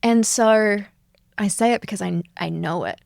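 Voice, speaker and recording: A woman speaks in a reflective interview, earnest and animated, laughing often. Her voice has a gravelly, fry-tinged edge. The sound is close and dry. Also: medium pitch, moderate pace, no room sound. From Australia. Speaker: yoga instructor, guest.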